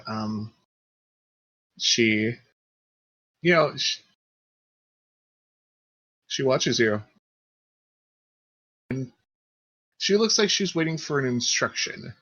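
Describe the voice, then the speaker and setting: Guy running a tabletop game, slow and halting, lots of ums, dull muffled mic. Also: medium pitch, fairly bright tone, no room sound. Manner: hesitant, many fillers and restarts. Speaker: game master.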